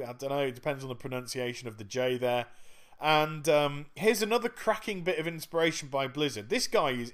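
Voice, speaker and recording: A man giving chatty, sarcastic commentary over a game walkthrough. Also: fairly high pitch. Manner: chatty and sarcastic, with frequent laughs. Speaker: gaming video host.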